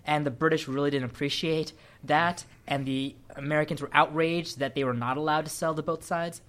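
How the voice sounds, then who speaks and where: An animated man hosting a podcast, telling a story with plenty of energy. He laughs often as he talks, keeping it loose and casual. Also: on the high side, fairly quick. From Sri Lankan family. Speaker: podcast host.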